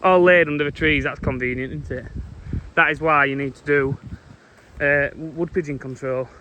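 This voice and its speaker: Out in windy farm fields, a young male farmer vlogger talks casually while walking his land and calling his dog. He speaks at a moderate pace with a fairly high, steady, bright, and forceful voice. The audio is poor, with a little hiss or hum.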